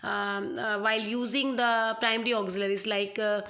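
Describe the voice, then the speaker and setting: A woman's voice: medium pitch, level tone, normal speed, bright, forceful tone. A woman teaching a grammar lesson to students in a recorded online class. She hesitates often with fillers and repeats her points for emphasis. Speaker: English teacher. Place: home.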